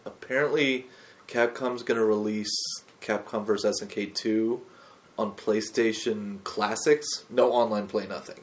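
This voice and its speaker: A man's voice: lowish voice, fairly even intonation, measured pace. A man co-hosting a casual gaming podcast, telling stories in an easygoing way. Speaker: podcast co-host.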